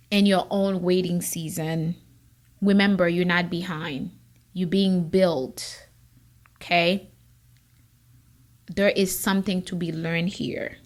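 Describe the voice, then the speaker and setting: A woman attorney hosting her own show, giving an earnest personal testimony and sometimes close to tears. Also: lowish voice. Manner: emotional, near tears at times; earnest, encouraging. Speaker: podcast host, immigration attorney.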